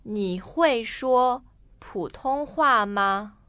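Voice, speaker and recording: A woman co-hosting a language lesson, speaking phrases slowly and clearly for learners to repeat. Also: a little high, a bit bright, no echo. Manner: slow, carefully spoken model phrases. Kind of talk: modeling phrases and explaining.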